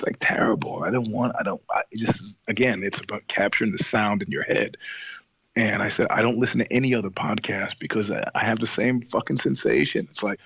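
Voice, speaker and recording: A low, gravelly man with a husky edge tells a long story in a casual, profane, digressive way. He acts out the other people in the story as he goes. The recording is dry and a little dull. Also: fairly bright tone, no room sound. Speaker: podcast guest, singer.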